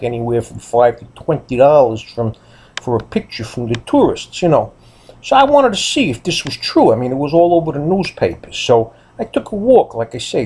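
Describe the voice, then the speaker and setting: A man's voice: on the low side, darkish tone, husky. A man telling a rambling story to his viewers, blunt and profane, full of "you know" and "I mean.". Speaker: vlogger. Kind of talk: casual storytelling monologue.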